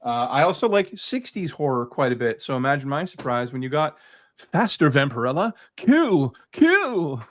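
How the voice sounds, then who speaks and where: Animated and a little fast, a man with a medium-pitched voice chats eagerly about his collection as a guest creator on a casual video. He rambles and uses lots of fillers.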